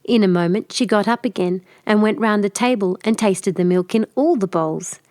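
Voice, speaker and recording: A woman narrates a fairy tale in a clear, measured storytelling voice at an even, mid pitch. Her reading is steady and easy to follow. The sound is close and dry, with no room around it. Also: no echo.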